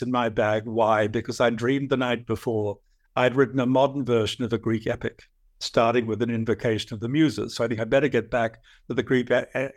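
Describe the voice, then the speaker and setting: An older man with an Australian accent, a guest telling animated stories and acting out voices. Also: medium pitch. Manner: lively anecdotal storyteller, acts out voices. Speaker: guest, dream teacher. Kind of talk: animated storytelling.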